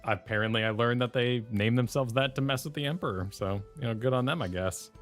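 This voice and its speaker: A man's voice: mid-range voice, fairly quick, faint music behind. A man co-hosting a game stream in casual chat, playful and mock-defensive.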